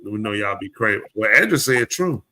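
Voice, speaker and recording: Bright-voiced, blunt male podcast host. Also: lowish voice, expressive, brisk, slight background noise. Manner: blunt, opinionated ranting that addresses the room. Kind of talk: casual chat. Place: live show.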